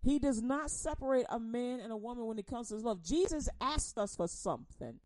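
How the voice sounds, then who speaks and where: A woman preaching a humorous sermon, telling animated stories, laughing often and acting out quotes in casual slang. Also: on the high side, fairly quick, slight background noise.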